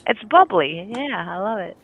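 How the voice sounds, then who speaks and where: A middle-aged woman with a raspy, warm voice, hosting a casual group voice chat and laughing often. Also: medium pitch, animated, normal speed. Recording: tinny phone-like line.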